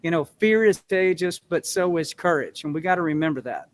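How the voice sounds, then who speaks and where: A man's voice: fairly high pitch, expressive, brisk. Earnest, folksy male interview guest. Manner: earnest, folksy storytelling, acts out everyday voices. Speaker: guest, musician and business owner. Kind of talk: interview answers.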